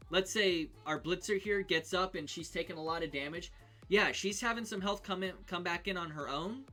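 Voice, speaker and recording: A man on a live game stream walks through a character build in a loose, unscripted way, pausing on ums and restarting his sentences. His voice sits a bit high and sounds bright and forward, with faint music playing underneath. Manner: thinking aloud with many ums and restarts. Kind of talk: casual game build talk.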